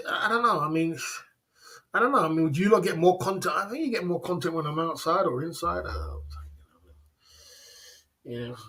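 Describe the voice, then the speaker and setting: Man, livestream host, casual teasing banter, rambly, slightly high voice. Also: fairly bright tone.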